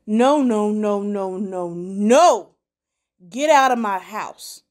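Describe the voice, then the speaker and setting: A woman's voice: mid-range voice, expressive, moderate pace, lightly acted. A woman voicing a stubborn young man who pushes back against his family. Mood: defiant. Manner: defiant, shouting.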